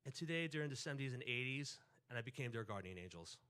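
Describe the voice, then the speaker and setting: Speaking quickly in a mid-range voice over some background noise, this man from New York shares a personal story onstage. He performs it with animation, voicing his relatives and the lines they said.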